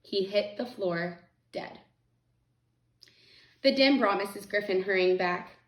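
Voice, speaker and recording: A woman's voice: medium pitch, slow pace. A woman teacher reads a children's novel aloud to her students in a mid-range voice. She breaks off for casual, chatty comments aimed at the class. The recording has a noticeable room echo. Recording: echoey room.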